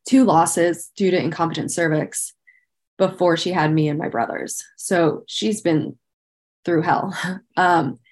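A woman in her thirties, appearing as a podcast guest, has a low, steady, somewhat dark voice and a measured pace. She tells her own story honestly and earnestly, saying "like" often and conveying strong emotion. Her painful memories visibly affect her.

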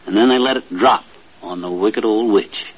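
A man's voice: on the low side, normal speed, slightly rough. A man playing a folksy middle-aged storyteller telling a child a tale in a 1950s radio comedy. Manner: folksy, drawling, lively storyteller. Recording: dull 1950s radio transcription.

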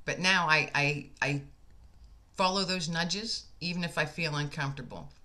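A woman's voice: low voice, normal speed, sharp tone. A woman hosting a casual conversation, telling an earnest, heartfelt story with frequent fillers.

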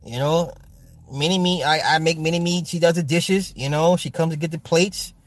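A man on a home livestream, chatting to his viewers in a loose, profane, animated way. He laughs a lot and talks straight to the chat. His voice sits a bit high for a man, and it is recorded close and dry with no room sound. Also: moderate pace, dry recording. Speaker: livestream host reading viewer comments. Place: home streaming setup with ring light.

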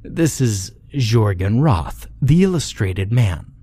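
A man's voice: lowish voice, very animated, slow pace, dark tone, heavily acted. A man doing a stern carnival showman.

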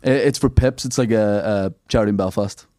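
A man's voice: fairly low pitch, warm tone, no room sound, clean studio sound. A man from Ireland with an Irish accent, a comedian chatting casually and easily. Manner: quick, easygoing, laughs along. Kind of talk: casual podcast chat.

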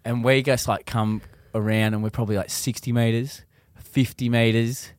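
Male podcast co-host, animated storyteller, dry close mic. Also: mid-range voice, normal speed, no echo. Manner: animated, acts out quoted voices loudly. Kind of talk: casual chat, storytelling.

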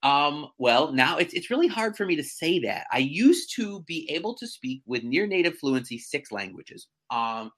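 A man in his thirties chatting casually as a guest, animated and self-mocking, often stumbling over restarts. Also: on the high side, moderate pace, few pauses, slightly rough. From central New York. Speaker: guest, real estate agent. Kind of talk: casual chat.

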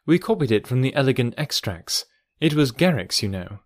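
A calm and sensible young daughter, read by a man, speaking patiently and reassuringly. The voice sits at a middling pitch, close and dry. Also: moderate pace, no room sound. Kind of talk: audiobook reading.

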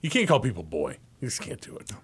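A man co-hosting a sports talk show, joking and reacting with excitement. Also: mid-range voice, fast talker, breathy edge. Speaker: co-host.

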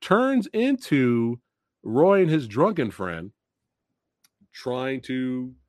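A man hosting a casual movie review, talking in an animated way with lots of swearing and laughter, acting out scenes as he goes. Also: medium pitch, drawn-out words, dry recording, studio quality. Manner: animated, profane, laughs often, acts out scenes.

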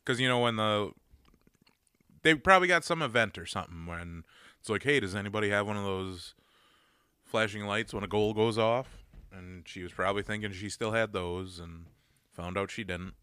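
A man's voice: fairly low pitch, moderate pace, sharp tone, clear, resonant tone, no echo, clean studio sound. A man with an Upper Midwest American accent co-hosting a podcast, blunt and joking, laughing often. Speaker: podcast co-host. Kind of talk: casual chat.

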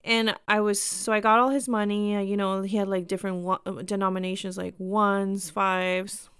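A woman's voice: mid-range voice, flat delivery, moderate pace, a bit bright, clean tone, no echo, clean studio sound. A woman in her thirties casually telling personal stories, chatty and full of fillers, acting out the people she quotes. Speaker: storyteller.

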